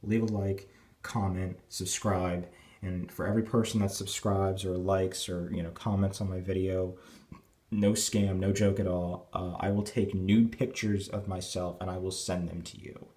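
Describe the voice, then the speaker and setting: A vlogger in his twenties, indoors at home, rants to camera in a low, slightly mellow voice with little pitch movement and normal speed. The talk is crude and rambling, thick with fillers, and he keeps it quiet in the early morning.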